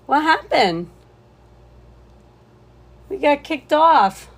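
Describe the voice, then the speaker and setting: A woman talking through a live painting tutorial in a laid-back way and thinking aloud as she goes. Her voice has a gravelly fry, and she speaks slowly and unhurriedly. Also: high-pitched, big pitch swings. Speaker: painting instructor.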